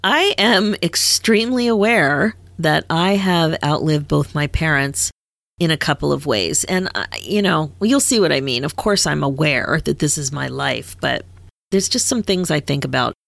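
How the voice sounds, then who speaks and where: A woman in her fifties hosts her own podcast, sharing a personal story with a candid, conversational manner and easy laughter. Her voice sits on the low side with a gravelly edge. The recording is dry and close to the mic. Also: animated, normal speed, fairly bright tone, dry recording. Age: 50s. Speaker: podcast host and midlife coach.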